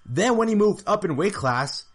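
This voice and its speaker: Male podcast host, slightly high voice, chatty solo fight breakdown, repeats key stats. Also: lively intonation, moderate pace, a bit bright, slightly rough. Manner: talkative, repeats figures and points for emphasis.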